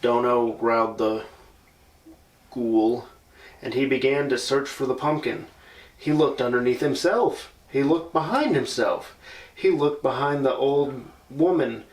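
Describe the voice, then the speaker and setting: A man's voice: mid-range voice, a little slow. A man reading a storybook aloud indoors in an old house, with playful asides to his listeners. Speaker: paranormal investigator. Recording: roomy sound from a distant mic.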